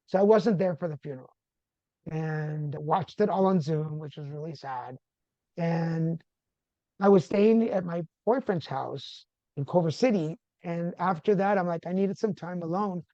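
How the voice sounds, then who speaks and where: A man from Texas, a podcast guest, telling a personal story in a relaxed conversational way and acting out the voices of people he quotes. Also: on the high side, unhurried, no echo, dull audio. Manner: animated, acts out quoted dialogue.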